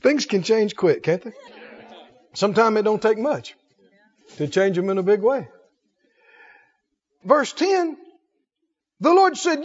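A man preaching a sermon, folksy and animated, swinging from loud calls to low asides. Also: takes it slowly, long pauses. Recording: dull sound with long hall reverb.

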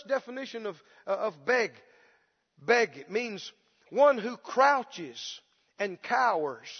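A man preaching a sermon with passion, dropping into a soft pleading whimper to mimic beggars and rising to bold declarations. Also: very high-pitched. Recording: dull sound with long hall reverb.

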